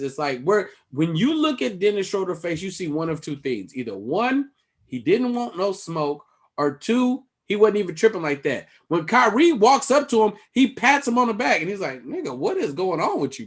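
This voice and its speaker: Brief: bright, high-voiced male comic, animated, acts out bits. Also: normal speed, poor audio. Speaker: podcast co-host. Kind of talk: casual comedic chat.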